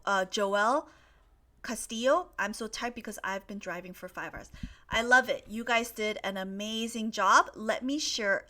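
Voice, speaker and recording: Bright-sounding woman running a live english class, reads out chat sentences, cheers folks on. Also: mid-range voice. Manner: encouraging, reads out viewers' sentences and corrects them; spells out endings letter by letter, stretches key words. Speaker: English teacher. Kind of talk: live online grammar lesson.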